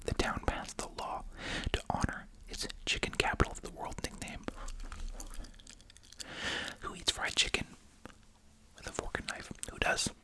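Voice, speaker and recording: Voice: unhurried, long pauses. An ASMR host whispering a chatty, wry commentary while chewing gum, full of asides and rhetorical questions.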